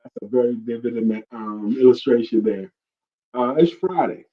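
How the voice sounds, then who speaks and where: A man co-hosting a casual faith-based talk show, expressive and affirming, laughing often. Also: mid-range voice, moderate pace, recorded from a distance. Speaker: co-host. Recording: dull lo-fi audio.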